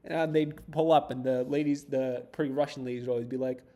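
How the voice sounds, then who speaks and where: A startup founder from south of Boston chats casually on a livestream while debugging code. His mid-range voice is warm and fairly even in intonation, a little fast, and he rambles, laughs often and swears casually.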